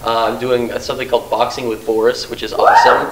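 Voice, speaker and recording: A man's voice: mid-range voice, little pitch movement, fast talker, fairly bright tone. A young man talking as a guest on a campus talk show, chatty and wry, laughing often. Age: young adult. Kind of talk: casual interview chat. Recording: roomy echo, faint noise.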